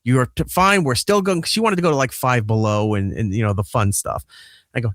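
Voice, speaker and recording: A man's voice: mid-range voice, fairly quick, no room sound, clean studio sound. A man who hosts a podcast, telling a casual story with lots of swearing and acting out the quoted lines. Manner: profane, animated retelling that acts out quoted lines. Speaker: podcast host and father.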